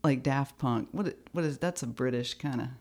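A woman's voice: rumbling low, normal speed, a little mellow. A woman co-hosting a podcast in casual chat, laughing often and reading quotes aloud with emphasis. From United States. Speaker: podcast co-host.

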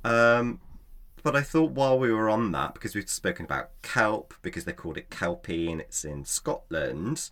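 A man's voice: lowish voice, moderate pace, a bit bright. A man co-hosting a casual podcast, chatting and reading folklore notes aloud with frequent laughs. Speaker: podcast co-host.

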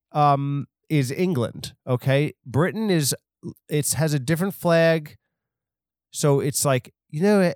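A man's voice: a little high, lively intonation, slow pace, no room sound, clean studio sound. A man hosting a solo comedy podcast, talking in a rambling, self-interrupting way full of absurd tangents. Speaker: podcast host.

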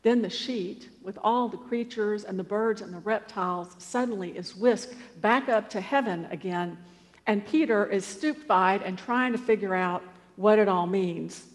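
A woman's voice: medium pitch, moderate pace. Chatty woman retelling scripture in a hall. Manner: conversational, with asides and fillers. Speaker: preacher. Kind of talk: storytelling sermon. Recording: long hall reverb.

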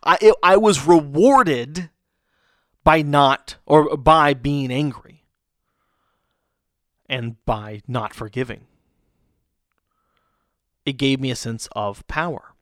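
A man's voice: medium pitch, a bit bright, no room sound, clean studio sound. A man preaching a conversational sermon who often restarts his sentences and checks in with rhetorical questions. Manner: halting, frequent restarts, rhetorical "right?". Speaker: pastor.

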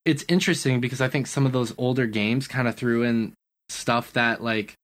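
Guy on a game podcast, mid pitch, lots of "like"s, laid back chat. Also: fairly even intonation, moderate pace. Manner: filler-heavy, says "like" a lot. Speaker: podcast co-host. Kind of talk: casual chat.

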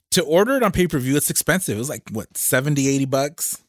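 A man's voice: fairly high pitch, no echo, studio quality. A man co-hosting a podcast, trading teasing banter and laughing often. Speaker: podcast co-host. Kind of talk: casual banter.

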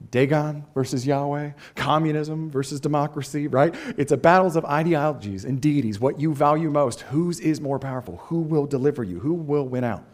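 A man preaching a sermon in a conversational way, moving between loud emphatic phrases and quiet asides and clearing his throat now and then. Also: medium pitch, fairly quick. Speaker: pastor.

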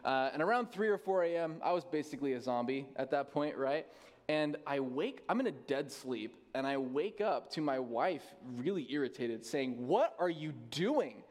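A man's voice: medium pitch, animated, normal speed. A man in his thirties, a tired lead pastor giving casual, self-deprecating announcements to his church. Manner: chatty, self-deprecating, laughs easily. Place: church sanctuary.

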